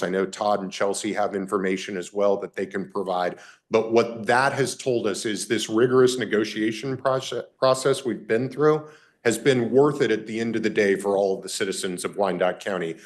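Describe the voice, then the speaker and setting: Man pitching figures to a county board. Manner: builds points in repeated lists. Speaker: project presenter to a county government. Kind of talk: formal public presentation. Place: government meeting chamber.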